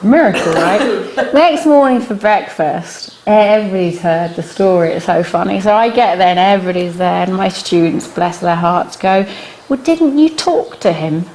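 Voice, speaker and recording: A middle-aged woman teaching a workshop, telling a personal anecdote to the group with lots of laughter and sudden high-pitched punchlines. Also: normal speed, few pauses. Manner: lively, laughing storyteller who jumps high in pitch at punchlines. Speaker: animal communication workshop teacher. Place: workshop room with a small audience.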